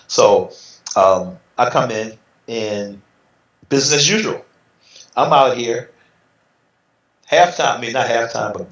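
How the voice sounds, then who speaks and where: Animated storytelling man, roomy sound. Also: on the low side. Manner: animated, acts out quotes in other voices. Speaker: interview guest, retired bodybuilder. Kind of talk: casual storytelling. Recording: roomy, slightly dull sound.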